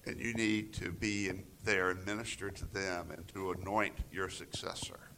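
A man preaching a sermon, retelling scripture with dramatic swings from loud passages to near-whispers and acting out quoted voices. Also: steady tone, moderate pace, slight background noise. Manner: acts out quoted voices with raised pitch. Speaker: pastor.

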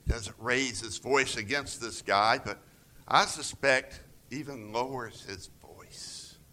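A man preaching a sermon, retelling scripture with dramatic swings from loud passages to near-whispers and acting out quoted voices. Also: takes it slowly. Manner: acts out quoted voices with raised pitch. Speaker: pastor.

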